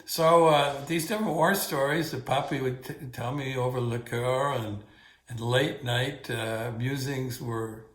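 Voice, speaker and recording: A man's voice: medium pitch, steady tone, a bit bright. Older man rambling through family stories. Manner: meandering, full of pauses and fillers. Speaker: grandfather telling family stories. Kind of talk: casual rambling storytelling. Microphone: battery-powered recorder or phone. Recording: roomy echo.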